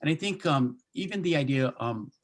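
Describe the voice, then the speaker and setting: Husky-voiced man with a Hawaiian Pidgin accent. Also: fairly high pitch, animated, moderate pace. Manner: easygoing, slips into Pidgin phrasing, many restarts. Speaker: pastor and Bible translator. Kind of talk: casual panel discussion.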